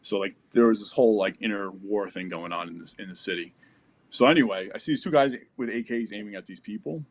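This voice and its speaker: American man recounting combat, animated. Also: fairly low pitch, fast talker. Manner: animated storytelling with sound effects. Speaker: podcast guest. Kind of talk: casual war story.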